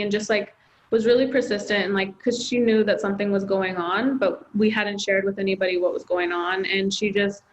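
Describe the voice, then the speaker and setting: A woman's voice: mid-range voice, little pitch movement, normal speed, highs cut off. A young woman, a college student, telling a personal story in an interview, heartfelt and chatty with lots of filler words. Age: young adult. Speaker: student guest.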